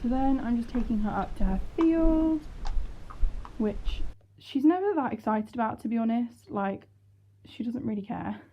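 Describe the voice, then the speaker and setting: A woman's voice: on the high side, animated, moderate pace. A woman casually narrating a horse-riding vlog in a chatty, rambling, self-deprecating way. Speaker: horse vlogger. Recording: dull lo-fi sound with faint noise.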